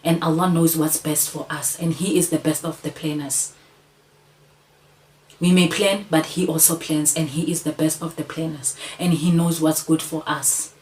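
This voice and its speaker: A woman's voice: deep voice, fairly even intonation, moderate pace, darkish tone, slight background noise, poor audio. A woman giving an earnest, repetitive motivational talk to camera, coaxing the listener again and again. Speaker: channel host.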